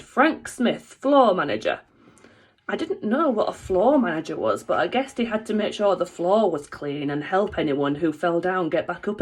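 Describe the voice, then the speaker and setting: A teacher reading a children's book aloud with an expressive, animated delivery. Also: female voice, lowish voice, slightly rough.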